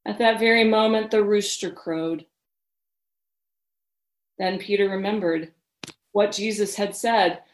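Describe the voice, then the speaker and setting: A woman reading scripture passages in a measured, solemn way, in a church. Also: mid-range voice, steady tone, reverberant. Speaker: scripture reader.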